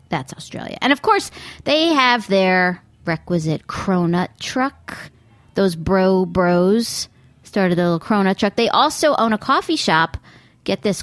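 A middle-aged woman hosts a podcast from Brooklyn with a mid-range voice. She rambles through a sarcastic comic rant, piling up mocking asides. The sound is close and dry, with no room echo. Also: mid-range voice. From Brooklyn, United States. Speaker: podcast host. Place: sitting near a busy pizza restaurant.

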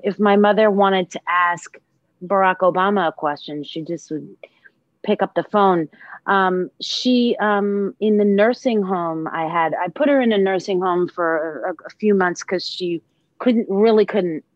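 A woman's voice: mid-range voice, a little slow, no echo. Middle-aged woman chef telling stories, dry sound. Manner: lively storyteller, animated quoting. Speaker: guest, chef. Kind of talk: telling family stories in casual conversation. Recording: dry, slightly dull sound.

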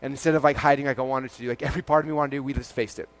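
A man giving a keynote talk to a live audience at his company's event. He tells stories, acts out the dialogue with lots of "I'm like" and "he's like", and fills pauses with "um" and "like". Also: medium pitch, fairly even intonation.

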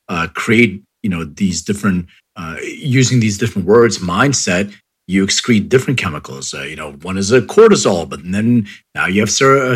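A man's voice: fairly low pitch, fairly bright tone, breathy edge. A man hosting an interview, speaking thoughtfully and a little hesitantly. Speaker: host.

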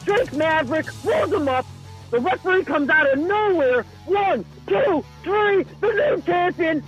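A man putting on a wildly excitable male gossip caller who rattles off wrestling news in a very high, strained voice. He sounds breathless and shouts as he goes, with faint music underneath. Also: measured pace, exaggerated voice, low-quality recording. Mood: hyped. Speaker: hotline caller. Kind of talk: comedic podcast bit.

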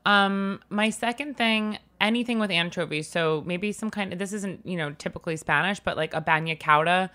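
A woman co-hosting a casual food podcast, chatty and quick with asides, reading a listener email aloud. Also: on the low side, sharp tone. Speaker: podcast co-host.

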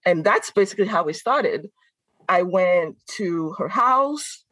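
Woman from Benin, podcast guest, lowish voice, dry close sound, lively storytelling with laughter. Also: unhurried, no room sound, poor audio. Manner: animated, laughs often, acts out quoted voices. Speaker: guest, food content creator. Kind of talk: casual conversational storytelling.

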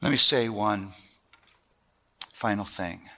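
A middle-aged man preaching a sermon, telling family stories in a lively way and then dropping to a hushed, earnest tone. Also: on the low side, slow pace. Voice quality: animated storyteller who drops to a hushed, earnest tone.

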